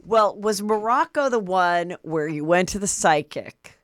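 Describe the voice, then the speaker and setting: A woman's voice: fairly low pitch, expressive, a little slow, no echo, studio quality. A woman hosting a podcast, chatting casually in a loose way with lots of "like" and "um". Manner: loose, filler-heavy talk. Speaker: podcast host. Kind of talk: casual chat.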